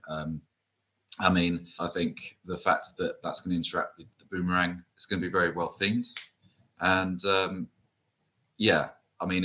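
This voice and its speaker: Deep-voiced British man chatting casually. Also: pushed and bright, rough recording. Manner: chatty, lots of fillers and tag questions. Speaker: co-host. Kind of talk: casual enthusiast chat.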